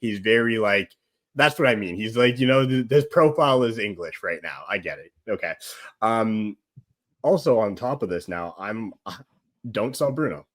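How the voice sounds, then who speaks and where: A man speaking as a guest on a casual football chat, animated and rambling, often saying "like" and laughing. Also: on the low side, moderate pace. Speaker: guest pundit.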